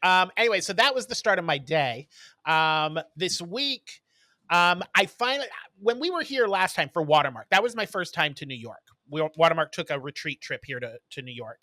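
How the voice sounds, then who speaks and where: A man co-hosting a podcast in casual chat, telling stories in an animated way and acting out what people said. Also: a little high, no echo. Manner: animated storyteller who acts out quotes. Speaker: podcast co-host.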